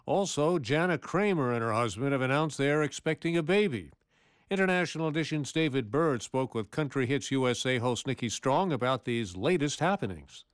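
A man presenting a radio news program in a crisp announcer delivery. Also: mid-range voice, expressive, brisk, dry recording, clean studio sound.

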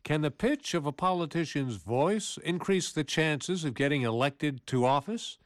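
A man presenting a radio news program in a crisp announcer delivery. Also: fairly high pitch, lively intonation, normal speed, no echo, clean studio sound.

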